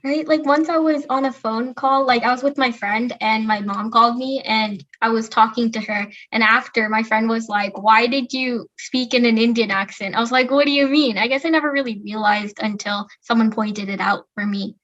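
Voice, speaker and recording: A woman's voice: fairly high pitch, fairly even intonation, normal speed, hardly any pauses, a bit bright. A young woman from the United States co-hosting a podcast in casual chat, full of "like" fillers. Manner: chatty, many "like" fillers. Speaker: podcast co-host. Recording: muffled lo-fi audio.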